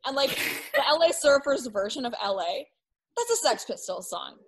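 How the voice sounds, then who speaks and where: A woman's voice: high voice, sing-song, moderate pace, noisy background. Gushing young woman co-host. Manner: enthusiastic fan, lots of "like". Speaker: podcast co-host. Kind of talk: casual chat.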